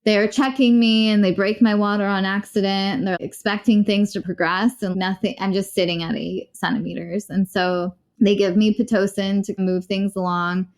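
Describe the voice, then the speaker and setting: A woman frankly recounting a hard personal experience in a podcast interview, rapid and rueful, with short laughs. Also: mid-range voice, fairly even intonation. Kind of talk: candid personal storytelling.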